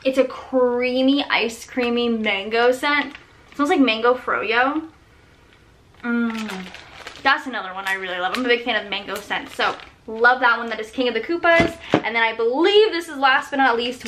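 A woman in her thirties doing a casual product showcase vlog, gushing with enthusiasm and sometimes dropping to soft, breathy murmurs. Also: a little high, slight background noise. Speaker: small business owner showing products.

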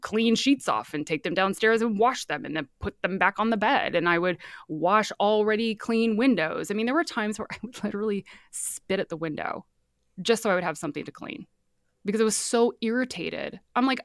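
A woman with a light Southern accent, a guest telling her story in a candid, animated, casual way. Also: mid-range voice, moderate pace, no room sound, clean studio sound. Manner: candid, animated, swears freely.

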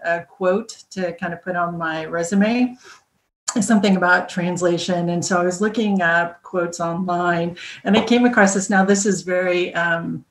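Hesitant low-voiced woman, roomy echo. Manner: hesitant, many ums and restarts. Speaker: podcast guest and translator. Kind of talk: casual podcast conversation.

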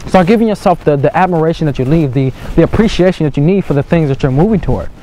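Young male coach, fairly high voice, earnest and repetitive, casual swearing. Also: lively intonation, fast talker, warm tone, slight background noise. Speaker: dating coach. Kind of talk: motivational monologue.

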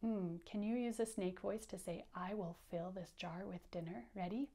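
A woman's voice: medium pitch, normal speed, hardly any pauses, mellow. A woman teacher leading an interactive children's read-aloud, patient and encouraging as she counts along with the kids.

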